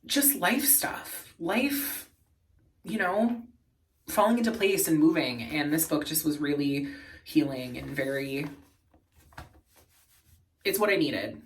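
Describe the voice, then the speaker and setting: A man vlogging in a casual, earnest and emotional way, laughing softly as he talks. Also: on the high side, animated, slow, long pauses, far from the mic. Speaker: beauty and lifestyle vlogger. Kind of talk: casual chat.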